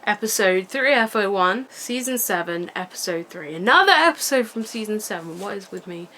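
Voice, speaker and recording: A young woman chats straight into her camera with the loose, gushing ramble of a fan vlog. Her pitch sits in an ordinary middle range, and a faint hiss of noise hangs under her voice. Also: expressive, moderate pace, pushed and bright. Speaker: vlogger. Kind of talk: casual rambling vlog chat. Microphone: camera mic.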